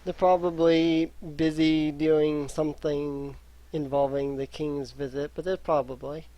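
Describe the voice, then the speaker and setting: Slow-talking male game master. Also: fairly high pitch, little pitch movement, warm tone, poor audio. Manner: hesitant, filler-heavy. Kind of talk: narrating a tabletop game.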